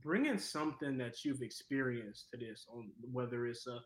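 A young actor from Cleveland talking casually in an interview, rambling with lots of fillers. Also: male voice, mid-range voice, lively intonation, moderate pace, echoey room, poor audio. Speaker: actor guest.

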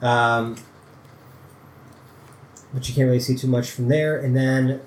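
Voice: medium pitch, fairly even intonation, a little slow, darkish tone, slight background noise. A game master narrating a tabletop game in a loose style full of fillers. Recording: echoey room.

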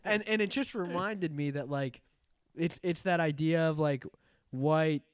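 Animated man telling a story, dry sound. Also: a little high, measured pace, clean tone, no echo. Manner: animated storytelling, acts out quoted lines, frequent swearing. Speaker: storyteller in group chat. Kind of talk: casual profane podcast chat.

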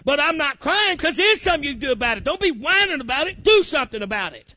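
A man's voice: extremely high pitch, sing-song, fast talker, bright, forceful tone, no echo. A man preaching a sermon, fiery and colloquial, calling out to his congregation. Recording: muffled lo-fi recording.

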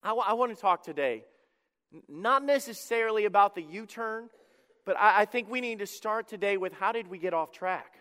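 In a church sanctuary, a middle-aged male pastor preaches from the stage, his high, smooth, resonant voice sounding animated, pushed and bright. He weaves chatty, self-deprecating stories with frequent quick restarts, all carried on a long hall echo.

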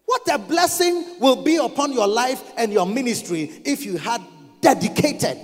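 A man preaching a sermon, swinging between loud emphatic bursts and quiet asides. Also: extremely high pitch, lively intonation, normal speed, in a large hall. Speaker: pastor.

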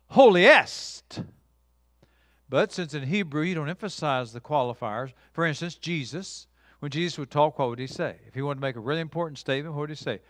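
A man preaching a sermon with emphatic delivery, swinging from loud declarations to quiet, hushed lines, and drawing the congregation into call-and-response. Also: a little high, no room sound, studio quality. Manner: emphatic preaching with dramatic shifts between loud and soft; engages audience with call-and-response. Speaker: pastor.

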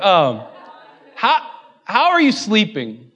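A man preaching a sermon in a church, joking and laughing at himself, then building to loud declarations. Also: mid-range voice, huge pitch swings, takes it slowly. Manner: self-deprecating, joking, laughing often. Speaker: guest preacher.

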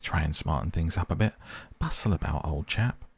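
A man voicing a cheerful, bustling male water rat from a storybook, talking briskly and heartily. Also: low voice, expressive, gravelly, darkish tone, dry recording, full character voice.

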